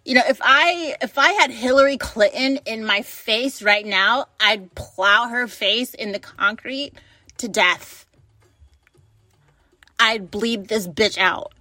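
A high-pitched young woman from the United States vents her fury straight into the camera. She swears freely and keeps asking heated rhetorical questions. Her voice sounds close and dry, with no room echo. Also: bright, forceful tone. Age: late 20s. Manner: furious, profane, rapid-fire rhetorical questions. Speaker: vlogger. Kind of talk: angry political rant to camera.

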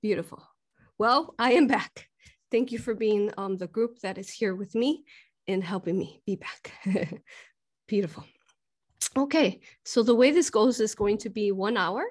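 A woman's voice: mid-range voice, measured pace, long pauses. A woman hosting a live spiritual question-and-answer talk, emotional and often laughing, a little short of breath. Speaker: host and hypnosis teacher.

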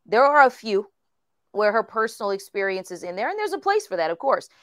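A woman's voice: medium pitch, a little fast, dry recording, clean studio sound. A woman apostle hosting a ministry talk, telling stories with animation and frequent laughter. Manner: animated storytelling, laughs often. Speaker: host, apostle. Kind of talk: casual ministry discussion.

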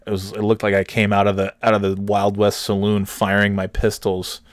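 A man casually telling a personal story, animated, swearing freely and acting out the people in it. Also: lowish voice, a little fast, dry recording, studio quality. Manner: animated, swears freely, acts out voices, laughs mid-story. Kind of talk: casual anecdote.

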